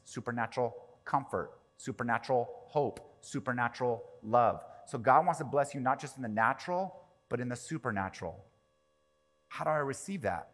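A man preaching a sermon as pastor, animated, swinging from quiet to loud and acting out quoted prayers. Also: mid-range voice. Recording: long reverb of a large hall.

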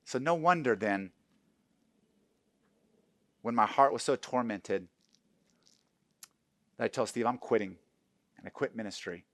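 A man preaching a sermon as pastor, telling a personal story, dropping to hushed tones and rising to loud, fervent appeals. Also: medium pitch, animated, measured pace, pauses often, dry recording.

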